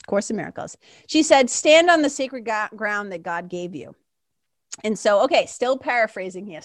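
A woman giving a casual spiritual talk, talking fast and reading passages slowly. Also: mid-range voice, no echo, clean studio sound. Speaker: spiritual teacher.

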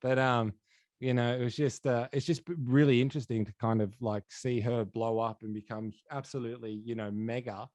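A man's voice: mid-range voice, fairly even intonation, brisk, darkish tone, dry recording. A man hosting a podcast, chatting casually with lots of fillers. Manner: rambling, many fillers and restarts. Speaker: podcast host. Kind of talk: casual interview chat.

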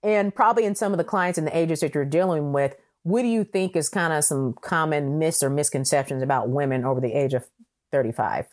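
A woman's voice: low voice, brisk. A woman co-hosting a podcast, chatting casually and laughing easily as she asks questions.

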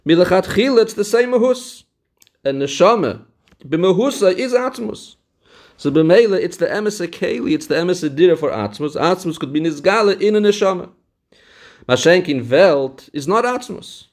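Male text study teacher, slightly high voice, reads then explains. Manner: mixes Yiddish and Hebrew terms into English. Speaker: Torah teacher.

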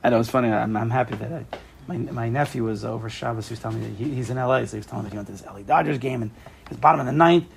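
A man leads a casual text class for a small group. His voice has a gravelly edge, and he keeps joking and wandering off into side stories. A faint hum of background noise sits under him. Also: mid-range voice, racing. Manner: joking and digressive, mixes Hebrew terms into English. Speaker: teacher leading a study group.

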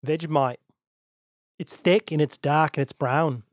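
A man cracking goofy puns on a podcast, his voice sitting a little high for a man. He talks playfully and loosely. The recording is dry and close. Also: measured pace, no echo. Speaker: podcast co-host. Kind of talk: casual podcast banter.

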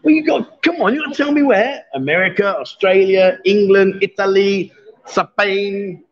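A man's voice: high-pitched, normal speed, lo-fi sound. A man hosting a live stream, chatting casually and teasing his guests. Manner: joking, teasing.

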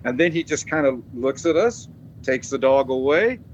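Animated, swearing male storyteller. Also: mid-range voice, moderate pace, lo-fi sound, slight background noise. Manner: animated, profane, repeats and restarts words. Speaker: podcast guest, dog sport trainer. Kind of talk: casual storytelling.

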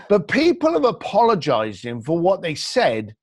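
A man's voice: on the high side, measured pace, no echo. A man, a podcast guest, talking bluntly and acting out other people's lines. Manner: blunt, animated storyteller who acts out quotes. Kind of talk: podcast interview.

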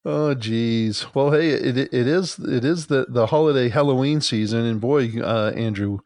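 A man's voice: mid-range voice, a little slow, darkish tone, no room sound. Jokey man hosting a sports podcast. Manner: jokey, teasing, stammers on restarts. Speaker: podcast host, league commissioner.

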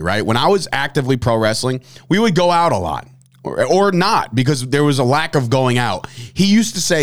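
A man co-hosting a sports talk show, arguing emphatically in a casual debate, often with a slangy tone. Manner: animated, emphatic, jumps around in pitch.

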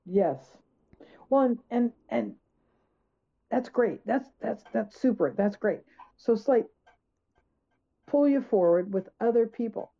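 A woman's voice: on the high side, slow pace, creaky, pauses often. Emphatic woman on a tinny phone-like line. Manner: emphatic, acts out her own questions. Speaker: guest author. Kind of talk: conversational storytelling.

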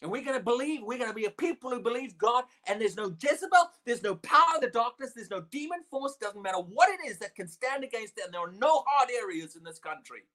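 A preacher delivering a sermon, animated and expressive, with frequent laughs. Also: medium pitch, quick pace, few pauses. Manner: animated, acts out the quoted speech in a raised voice, laughs often.

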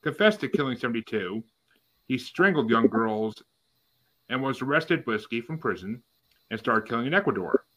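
A man hosts a loose group podcast. His voice is bright and carrying at a middle pitch, and he moves from one co-host to the next to collect votes. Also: animated, moderate pace, poor audio. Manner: reads out facts, then polls each co-host. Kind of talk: casual group podcast chat.

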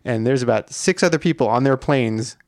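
A man's voice: medium pitch, a little fast, dry recording, clean studio sound. A man telling a story in casual podcast chat, easygoing while he builds suspense.

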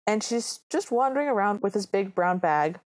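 A woman's voice: mid-range voice, expressive, moderate pace. A woman with a mid-range voice recaps a film for her co-host in a casual podcast chat. She is sarcastic and exasperated with what she watched. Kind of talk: comedic movie recap chat.

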